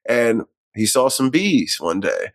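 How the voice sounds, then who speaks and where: A man's voice: mid-range voice, takes it slowly, creaky, dry recording. Male podcast co-host, casual and profane, acts out scenes while recapping; dry, close recording. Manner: animated retelling, acts out characters' lines. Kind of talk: casual film review chat.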